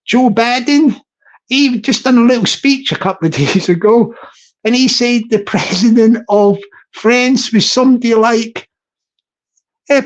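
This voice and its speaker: A man's voice: extremely high pitch, highs cut off. A man with a London accent hosting a casual livestream, rambling and chuckling as he chats. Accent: London English. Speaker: livestream host.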